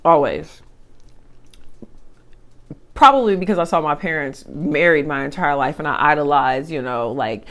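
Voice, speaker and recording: Chatty lower-voiced woman vlogging over food. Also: moderate pace, long pauses. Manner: chatty and animated, with side remarks and chewing sounds. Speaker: mukbang vlogger. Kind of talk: casual chat while eating.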